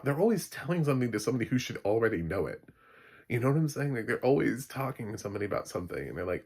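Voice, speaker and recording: A man rants casually about a new TV show, blunt and exasperated, with laughing asides. His voice sits a little low and has a husky edge. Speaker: TV reviewer. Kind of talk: casual spoken TV review.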